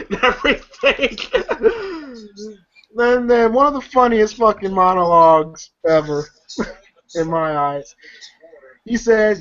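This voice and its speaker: A man chatting loosely about a comedy movie, retelling scenes and breaking into laughter. His voice is bright and forceful. The sound is dull and lo-fi. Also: a little high, a little slow, pauses often. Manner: retells scenes, quoting lines and laughing a lot. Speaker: movie reviewer. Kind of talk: casual movie recap chat.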